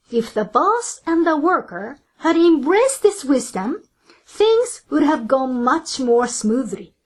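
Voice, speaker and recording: Female Buddhist teacher, dharma talk, high and animated, explanatory with rhetorical questions.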